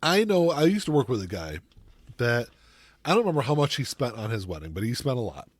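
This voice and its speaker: A man's voice: mid-range voice, sing-song, a little fast, no room sound. A man, co-hosting a casual podcast, swearing freely and laughing often. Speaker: podcast co-host. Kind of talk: casual chat.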